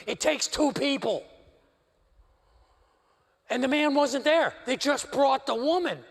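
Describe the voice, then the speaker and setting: A high-voiced male pastor preaches in a lively storytelling way, with wry humor throughout. His voice has a gravelly edge, and a long church reverb carries it across the sanctuary. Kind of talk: sermon. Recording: live church stream with long hall reverb.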